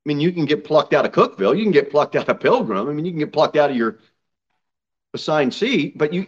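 A man's voice: animated, fast. Emphatic preaching man, slightly muffled. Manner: emphatic preaching, reading scripture aloud, rising to loud high peaks. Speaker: pastor. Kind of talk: sermon. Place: church sanctuary. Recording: slightly dull church recording.

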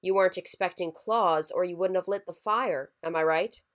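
Santa Murgus, a raspy fish-scaled creature voiced by a woman. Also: fairly low pitch, normal speed, lightly acted. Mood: impatient. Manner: snickering, brash and impatient. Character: gangly fish-scaled male Christmas creature, smug.

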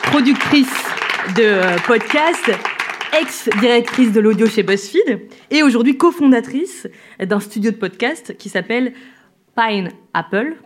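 A woman's voice: on the high side, lively intonation, normal speed, crowd noise, background noise. A woman introducing guests on a festival stage in a chatty, self-mocking way. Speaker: festival presenter.

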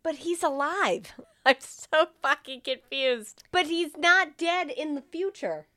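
Young female co-host, high voice, crude sarcastic comic, dry close mic. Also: slow, bright, forceful tone, dry recording. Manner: crude, sarcastic, swears freely and mocks the plot. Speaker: podcast co-host. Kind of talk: casual comedic chat.

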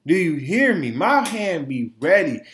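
Animated profane man ranting in an echoey room. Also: a little high, a little slow. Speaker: podcast co-host. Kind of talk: casual chat.

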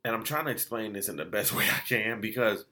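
A man casually reviewing food spots in a vlog, telling it as an animated, slangy story full of restarts and quoted exchanges. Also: on the low side, quick pace.

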